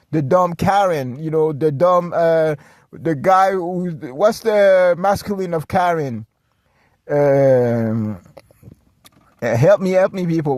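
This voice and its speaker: A man's voice: sits high, darkish tone, dry recording, clean studio sound. Agitated rambling male podcast host. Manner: agitated, rambling, many restarts and asides. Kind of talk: ranting solo commentary.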